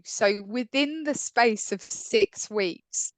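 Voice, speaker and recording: A woman's voice: mid-range voice, unhurried, dry recording. A woman speaking as a podcast guest, telling her personal story earnestly and acting out the voices in her head. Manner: earnest, acts out inner dialogue.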